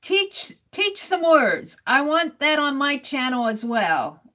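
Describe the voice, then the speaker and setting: High bright-voiced woman chatting slowly. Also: sing-song. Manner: chatty, reads chat aloud, sounds out words letter by letter; laughs often while working. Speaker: artist streaming live. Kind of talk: casual livestream chat.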